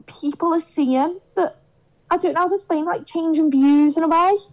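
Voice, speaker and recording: This is a young woman from Liverpool with a broad Scouse accent and a high, bright-toned voice. She chats casually as a podcast guest. She tells animated stories and acts out what people said. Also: normal speed, poor audio. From Liverpool, England. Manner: animated storyteller, acts out quotes. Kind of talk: casual chat.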